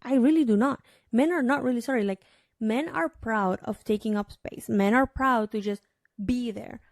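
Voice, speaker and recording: A woman's voice: a little high, moderate pace, no echo, studio quality. A woman hosting her own solo podcast, talking in a chatty, emphatic way straight to the listener. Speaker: podcast host. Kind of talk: casual solo podcast monologue.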